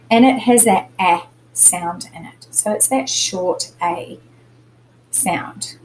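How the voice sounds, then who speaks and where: A woman's voice: mid-range voice, a little hiss or hum, poor audio. A middle-aged woman teacher giving a recorded spelling lesson, patiently explaining step by step and stressing syllables.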